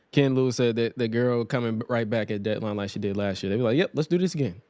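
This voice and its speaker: A man's voice: fairly low pitch, level tone, a little fast, darkish tone, clear, resonant tone, no echo. A man hosting a wrestling podcast, talking casually and laid-back with slang, laughing often. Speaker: podcast host.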